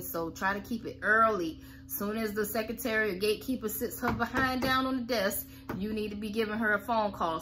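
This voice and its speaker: A woman's voice: mid-range voice, fairly bright tone, slight background noise. A woman who owns a cleaning business, giving blunt, sassy, folksy coaching tips to camera.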